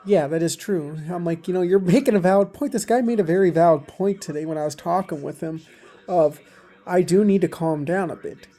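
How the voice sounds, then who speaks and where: Mellow-voiced young man retelling advice. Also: high voice, fairly quick. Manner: rambling, filler-heavy retelling of advice. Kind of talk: casual storytelling vlog.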